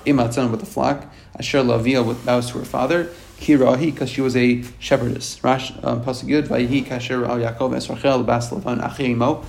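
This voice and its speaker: Gravelly, flat-voiced man teaching scripture. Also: mid-range voice. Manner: reads Hebrew phrases then translates into English, restarting mid-phrase. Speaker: Torah teacher. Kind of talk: verse-by-verse text study with translation.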